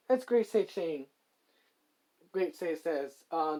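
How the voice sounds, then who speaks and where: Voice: mid-range voice, a little slow, darkish tone. A fan storyteller narrating an improvised fan story in a casual, rambling way, full of fillers and restarts.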